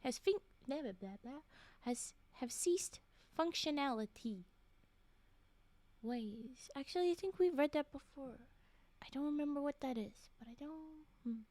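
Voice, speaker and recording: An unhurried, animated woman with a high, mellow voice reads spooky stories in a casual live stream, recorded dry. She often drops the story to chat, laugh, whisper asides and reply to chat.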